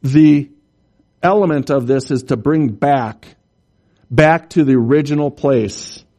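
A man preaching a sermon, explaining scripture slowly and emphatically, rising in pitch and force at key points. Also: mellow. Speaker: pastor.

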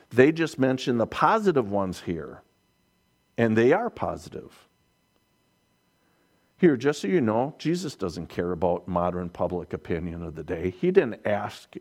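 Male preacher, sermon delivery, emphatic, slow and measured. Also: lowish voice, animated, darkish tone. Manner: emphatic, repeats key lines for weight.

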